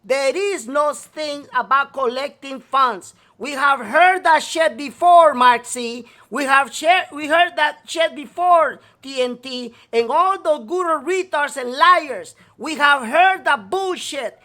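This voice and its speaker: A man's voice: extremely high pitch, takes it slowly, few pauses, sharp tone. A male talk show host delivering a profane, scolding rant, repeating himself to hammer his point home. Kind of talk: ranting talk show monologue.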